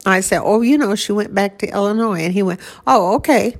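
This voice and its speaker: Older woman, average pitch, fond chatty recollection with frequent laughs. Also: fairly even intonation, fast talker. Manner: reminiscing, laughs often. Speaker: grieving daughter recalling her mother. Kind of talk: casual conversation.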